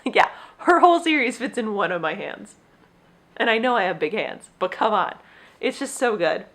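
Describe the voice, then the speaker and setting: A woman's voice: mid-range voice, animated, moderate pace, a bit bright. A young adult woman hosting her own podcast, chatting casually and rambling with gushing enthusiasm. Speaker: podcast host. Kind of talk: casual solo chat.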